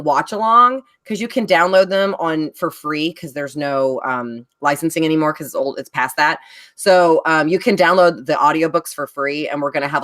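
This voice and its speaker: A woman with a somewhat low voice chats as a guest on a live stream. Her talk is loose and rambling, full of fillers. She sounds casual and unscripted. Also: fairly bright tone. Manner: chatty, rambling, many fillers. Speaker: guest, bag designer. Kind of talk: casual chat.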